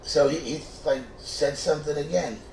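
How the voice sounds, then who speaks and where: A man's voice: a little high, moderate pace, creaky. A middle-aged man telling a comic true story, swearing freely and stumbling over restarts. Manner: profane, stammering restarts, animated. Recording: echoey room, distant mic, faint noise.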